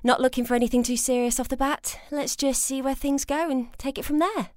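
A woman plays a chirpy woman on a dating profile with a high voice. She introduces herself in a bright, chatty way. The sound is close and dry. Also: fairly even intonation, fairly quick, dry recording, close to an everyday voice.

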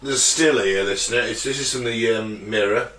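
A man's voice: medium pitch, moderate pace, a bit bright. A man co-hosting a casual podcast, laughing and swearing while he reads out weird news stories. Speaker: podcast co-host. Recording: echoey room, mic at a distance.

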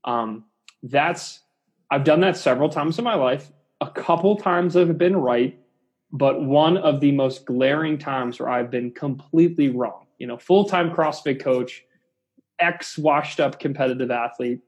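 A man's voice: on the high side, measured pace, slightly rough. A man, a CrossFit coach, chatting casually and telling a rambling story with lots of restarts. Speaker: CrossFit coach, podcast guest. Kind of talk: casual chat.

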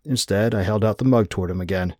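A male audiobook narrator with a low voice tells the story in a wry, measured way. The recording is dry and close, with no room sound at all. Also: a little mellow, no echo. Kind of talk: scripted first-person narration.

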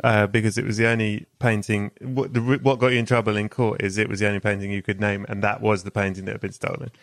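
Gravelly-voiced man hosting a comic chat. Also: fairly low pitch, little pitch movement, fast talker, no echo. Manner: spins absurd improvised stories, swears casually. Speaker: podcast host.

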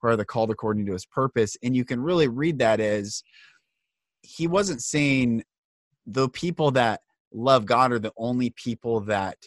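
Man, interview host, affirming, reflective, medium pitch, dry close sound. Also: normal speed, no room sound. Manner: affirming and reflective, quotes sayings and scripture. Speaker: podcast host. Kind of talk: conversational interview.

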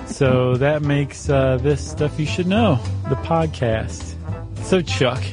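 A man hosting a podcast in casual chat, quick and joking, laughing often. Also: on the high side, over music. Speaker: podcast host.

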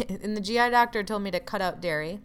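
A woman's voice: mid-range voice, brisk, clean tone. A woman telling a personal story in a candid, frustrated way, with wry asides.

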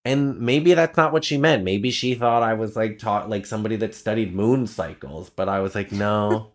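A man's voice: lowish voice, moderate pace. A young man in casual conversation, telling a personal story in a rambling, heartfelt way with lots of filler words. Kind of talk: casual chat.

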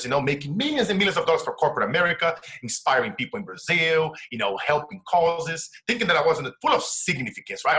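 A middle-aged man sharing a personal story as an interview guest, emotional and dropping to a hush for quoted words. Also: on the high side. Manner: emotional, drops to a hushed voice when quoting his wife.

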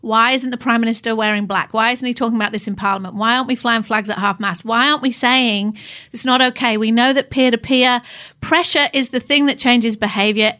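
A woman's voice: on the high side, steady tone, a little fast, pushed and bright. A woman co-hosting a casual podcast, speaking with emphatic, impassioned conviction. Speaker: podcast co-host.

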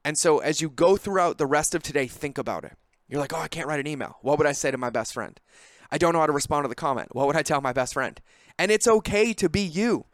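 A man's voice: a little high, lively intonation, fast, no room sound, clean studio sound. A man hosting a podcast, giving a direct, coaching business monologue that turns emphatic. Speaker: podcast host.

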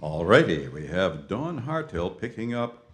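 A man's voice: low-pitched, very animated, a little slow, fairly bright tone, exaggerated voice. A man playing a sidekick who reads out the scores in a wry way. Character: male score-keeper, dry sidekick.

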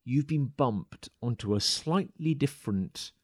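A man's voice: mid-range voice, lively intonation, unhurried, no room sound, clean studio sound. A man co-hosting a podcast, telling a long anecdote in casual chat, stumbling over restarts and acting out what others said. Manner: rambling anecdote with stammered restarts and acted quotes. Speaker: podcast co-host.

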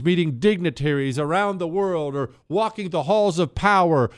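A male talk radio host speaks in a fairly high voice that leaps up and down as he makes his points. His delivery is emphatic and laced with sarcasm. The studio sound is close and dry. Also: dry recording. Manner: animated and emphatic, sarcastic asides. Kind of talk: opinionated talk radio monologue.

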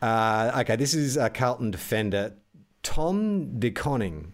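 A man's voice: mid-range voice, expressive, measured pace. An Australian man co-hosting a podcast, chatting casually and laughing at his own mistakes. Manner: laughing, self-mocking. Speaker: podcast co-host. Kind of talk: casual chat.

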